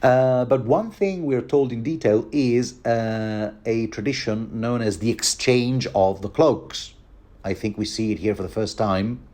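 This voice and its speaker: A man's voice: medium pitch, measured pace, darkish tone. A man giving a rambling, informal solo commentary on a novel, full of asides and self-corrections. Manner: playful asides. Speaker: book commentary host.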